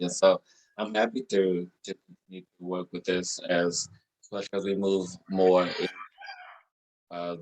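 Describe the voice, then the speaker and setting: Deep, flat-voiced man speaking haltingly. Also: rough recording. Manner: slow, halting, searching for words. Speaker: guest. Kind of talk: casual spiritual conversation. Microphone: video call.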